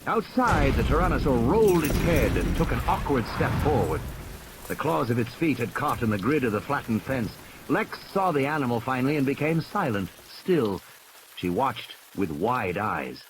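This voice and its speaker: Expressive male audiobook narrator over rain. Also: medium pitch, moderate pace. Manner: expressive, rising with the tension. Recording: rain noise in background.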